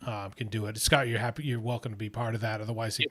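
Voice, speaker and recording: A man's voice: fairly low pitch, fairly even intonation, fast, a bit bright. A man hosting a casual livestream chat, talking in a rambling way with lots of restarts and fillers. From Australia. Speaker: host.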